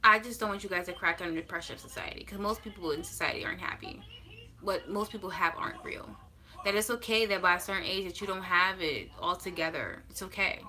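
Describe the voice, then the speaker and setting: A woman tarot reader speaks in a lower register with a bright, forceful tone. She talks to her viewers casually and bluntly, swearing freely. She reassures them and drags out the words she wants to land. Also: poor audio. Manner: emphatic, drawn-out stresses. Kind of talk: casual livestream talk.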